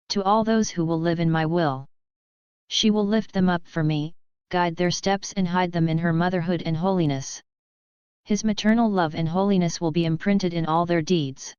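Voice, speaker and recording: A woman reading devotional writings aloud in a slow, even, reverent way. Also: lowish voice, smooth, dry recording. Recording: dull lo-fi recording.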